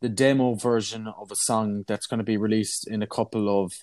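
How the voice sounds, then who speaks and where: Teen Galway Irish singer, podcast guest, laughy and self-mocking, close dry sound. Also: male voice, on the low side, brisk, dry recording. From Ireland. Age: late teens. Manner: giggly, self-mocking, animated. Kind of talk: casual chat.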